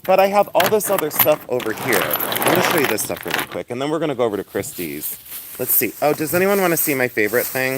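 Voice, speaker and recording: Host: flamboyant man, loud and chatty, live-streaming from outdoors, mid-pitched voice, laughs a lot. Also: big pitch swings, fast talker, heavy background noise. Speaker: livestream host selling and showing jewelry. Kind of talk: casual livestream chat. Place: outdoors in the sun.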